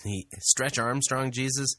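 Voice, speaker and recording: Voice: mid-range voice, steady tone, a little slow, sharp tone, dry recording. A commentator giving blunt, dismissive remarks in a critical voice-over. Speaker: online commentator critiquing a sermon.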